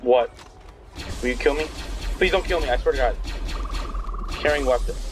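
A man's voice: medium pitch, normal speed. A young man casually commenting on a video game, exasperated, swearing and reacting jumpily. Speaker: gamer streaming Roblox play. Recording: game music loud behind voice. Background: loud game music.

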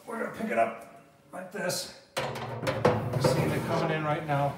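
A man's voice: on the high side, fairly even intonation, unhurried, heavy background noise. A man giving a casual, folksy how-to walkthrough as he puts together a product, talking to viewers as "folks". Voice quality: folksy, chatty, lots of "folks" and "I tell you what". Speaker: product reviewer. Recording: roomy echo.

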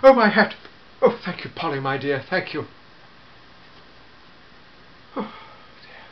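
A man's voice: fairly high pitch, big pitch swings, normal speed, dull audio, slight background noise. A man doing a fussy old time-traveller. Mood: fussy, chatty. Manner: fussy, hesitant, peppered with hmms and eh?s. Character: elderly fussy time-travelling gentleman, tetchy and grandfatherly. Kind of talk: fan audio drama monologue.

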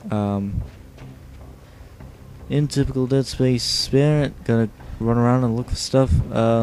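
A man's voice: mid-range voice, a little mellow, a little hiss or hum. A tired man giving casual, rambling commentary over a video game, joking and swearing often. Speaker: let's play host.

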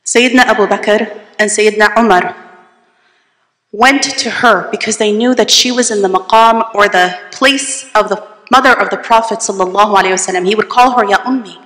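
A woman's voice: on the high side, fairly bright tone. A woman giving a religious talk, telling a story and asking her audience questions. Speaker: religious teacher. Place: retreat hall with audience. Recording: echoey hall.

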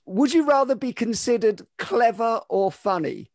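A man hosting a podcast, firing off brisk quick-fire questions. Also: extremely high pitch, lively intonation, no echo, studio quality. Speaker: podcast host. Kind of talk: interview questions.

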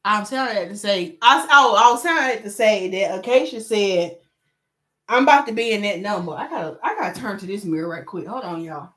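A woman doing hair on a live stream talks fairly quickly with few pauses, her pitch medium. She keeps up a chatty, animated flow, reading out comments from viewers and joking with them.

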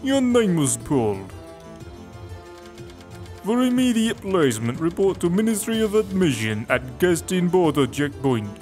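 A man's voice: sits high, very animated, measured pace, darkish tone, soft background music. A man putting on a mock Russian accent to voice a stern male state official, reading solemn proclamations. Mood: proclaiming.

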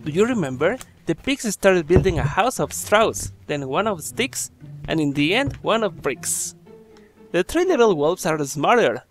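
A man's voice: on the high side, sing-song, unhurried, soft background music. A man reading a children's horror story aloud, breaking off for chatty, joking asides to the listeners.

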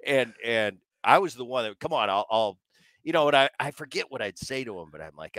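A middle-aged man with a bright, forceful voice tells a story as podcast host, bouncing into quoted dialogue. The sound is dry and close, with no room around it. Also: medium pitch, a little fast, dry recording. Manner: animated storyteller, acting out quotes. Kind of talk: casual storytelling chat.

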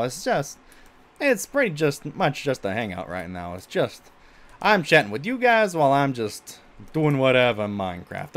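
A male streamer chatting casually while he plays a game, exclaiming at it and saying he gets stuck in a put-on voice. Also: on the high side. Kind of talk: casual gameplay chat.

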